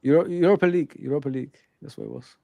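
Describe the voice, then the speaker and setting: A man who is a guest in a casual football fan chat. He is animated, repeats himself and often addresses the host by name. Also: a little high, rapid-fire, gravelly, no echo, narrow, tinny audio.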